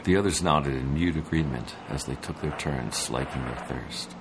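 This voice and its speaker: A man giving a dramatic, deliberate scripted story narration. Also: a bass voice. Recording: noisy, with vehicle ambience.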